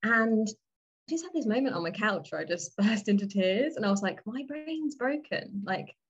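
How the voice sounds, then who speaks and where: A woman's voice: mid-range voice, animated, moderate pace, husky. Rambling chatty woman on a dull line. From England. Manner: chatty and rambling, many restarts. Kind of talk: casual conversation.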